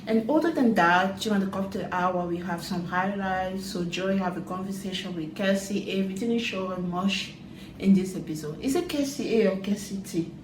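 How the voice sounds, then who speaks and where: A woman recapping a dating show in casual chat, talking loosely with quick asides and loose grammar. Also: mid-range voice, echoey room, background noise. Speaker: reality TV recap vlogger.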